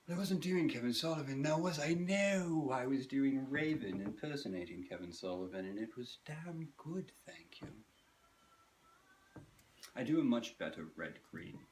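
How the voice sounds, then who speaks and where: A man narrating a scripted comedic video essay with dry, sardonic, self-mocking timing and theatrical pauses. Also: mid-range voice, big pitch swings, a little hiss or hum.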